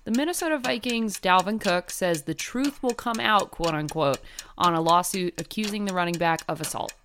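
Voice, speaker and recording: A woman co-hosting a sports podcast, chatting casually and reading headlines with animated emphasis. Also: lowish voice, moderate pace, slight background noise. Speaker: podcast co-host.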